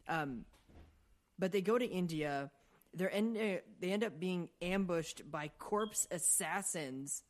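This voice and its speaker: A woman's voice: lowish voice, takes it slowly. A woman co-hosting a podcast in casual chat, rambling and profane with lots of fillers and restarts. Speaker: podcast co-host.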